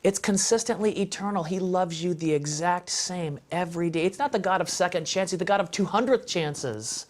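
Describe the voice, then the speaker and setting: A man's voice: sits high, moderate pace, hardly any pauses. Passionate man sharing his faith. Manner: passionate, emphatic, repeats phrases for stress; conversational, with fillers and restarts. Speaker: guest speaker on a parenting show. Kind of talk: heartfelt faith testimony.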